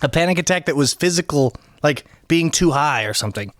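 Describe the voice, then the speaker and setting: A man hosting a podcast, telling a story in an animated way and acting out what people said. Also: on the high side, a little fast, no room sound. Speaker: podcast host. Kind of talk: casual podcast chat. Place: recording studio.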